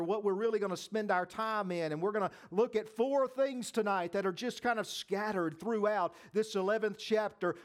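A man preaching a sermon, emphatic and repeating his phrases as he speaks straight to the congregation. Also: sits high. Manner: addresses the congregation directly. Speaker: pastor.

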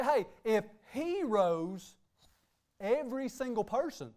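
A man's voice: extremely high pitch, very animated, measured pace, darkish tone. A man preaching a sermon as pastor, emphatic and repeating "hey" and "okay" between phrases. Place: church sanctuary.

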